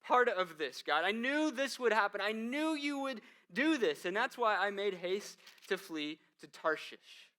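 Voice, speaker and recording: A pastor putting on the voice of a bitter, self-pitying prophet protesting against God. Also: male voice, medium pitch, takes it slowly, pauses often, bright, forceful tone. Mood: resentful. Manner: whiny, spiteful protest.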